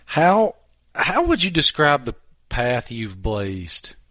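A man hosting a podcast, asking his guest questions in an expressive way. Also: medium pitch, slow, no room sound, studio quality. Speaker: podcast host. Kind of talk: interview questions.

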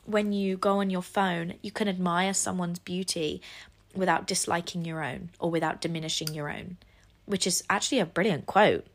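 A woman's voice: on the low side, fairly even intonation, normal speed. A young woman hosting a solo podcast, speaking earnestly and encouragingly, with self-deprecating asides. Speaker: podcast host.

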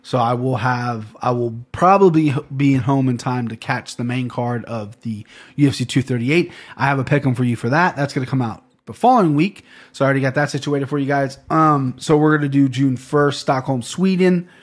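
A man's voice: medium pitch, a little fast, hardly any pauses. A man hosting a podcast, chatting casually and rambling through fight picks, swearing now and then and joking at his own expense. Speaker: podcast host. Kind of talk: casual sports betting chat.

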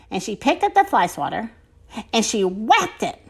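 A woman reading a children's chapter book aloud with expressive narration. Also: fairly high pitch, vocal fry, breathy edge. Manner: expressive and slow. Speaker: storybook reader.

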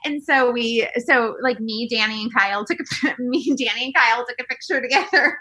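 A woman in casual chat, ranting fast and animated, full of fillers and swearing. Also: on the high side, slightly rough, rough recording.

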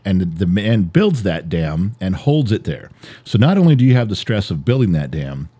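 Middle-aged dad co-host, deep warm voice, swings widely in pitch, pressing his point hard. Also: sing-song, moderate pace, slightly rough. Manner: emphatic, repetitive, swears, builds an extended metaphor. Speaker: podcast co-host, father. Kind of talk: heated personal monologue.

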